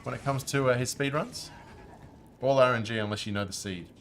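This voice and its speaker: A man's voice: medium pitch, a little fast, slight background noise. A man streaming a game, chatting casually with his viewers while he plays. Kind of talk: casual live-stream commentary.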